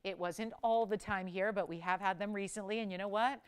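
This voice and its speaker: Woman doing live shopping tv, selling rings, super smooth clear voice, chatty and excited. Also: medium pitch, brisk. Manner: enthusiastic, chatty, talks to callers and crew. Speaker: shopping channel jewelry host. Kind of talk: live on-air sales pitch.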